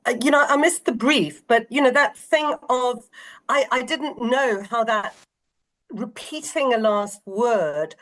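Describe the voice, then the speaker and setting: A woman drama teacher on a video call, chatting slowly and warmly. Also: on the high side. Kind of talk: casual group discussion.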